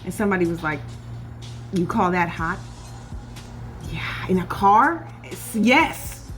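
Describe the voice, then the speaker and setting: Woman, from California, home kitchen, casual cooking chat, chatty, soft music underneath. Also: fairly low pitch, animated, slow, long pauses. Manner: chatty, addresses viewers as "y'all". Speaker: cooking vlogger.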